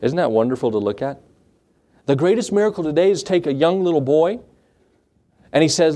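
A man preaching a sermon in a conversational way, asking his listeners questions and acting out Bible scenes in quick voices. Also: a little high, big pitch swings, warm tone. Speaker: pastor.

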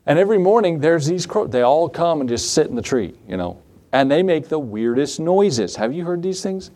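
A man's voice: on the high side, very animated, normal speed, dark tone. Man preaching a sermon with joking asides. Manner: conversational, quizzes the congregation, joking asides. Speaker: pastor. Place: church.

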